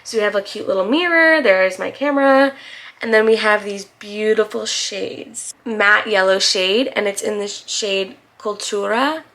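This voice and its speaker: A woman's voice: mid-range voice, moderate pace, fairly bright tone. A young woman with a slight lisp, chatting casually and bubbly as a beauty vlogger reviewing makeup.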